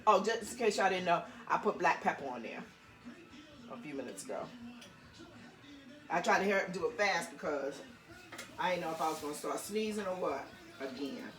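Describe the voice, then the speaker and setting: A woman's voice: fairly low pitch, animated, a little fast, long pauses, roomy sound, music in the background. A woman vlogger cooking in her home kitchen, chatting playfully to viewers with laughing asides. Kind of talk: casual cooking demonstration.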